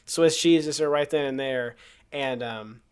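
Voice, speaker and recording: A man co-hosting a podcast, retelling a film's plot in casual, profane, animated chat. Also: mid-range voice, slow, smooth. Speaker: podcast co-host. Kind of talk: casual movie recap chat.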